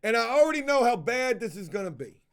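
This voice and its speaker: Male vlogger with a high-pitched voice, ranting a story to camera in a blunt, profane, fed-up manner. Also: very animated, fast. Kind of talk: casual storytelling rant to camera.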